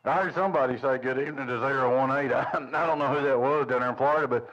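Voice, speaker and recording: A man's voice: mid-range voice, steady tone, fast. A man with a Tennessee accent chatting on CB radio, repeating call signs and holiday greetings. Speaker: CB radio operator. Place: home radio station. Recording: muffled radio audio with faint static.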